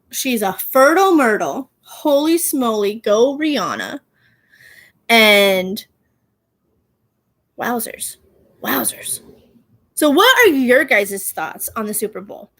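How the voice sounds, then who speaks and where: A woman in her thirties hosting a casual pop culture podcast, chatty and animated, laughing often and using playful slang. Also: fairly high pitch. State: gets out of breath walking, pregnant. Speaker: podcast host.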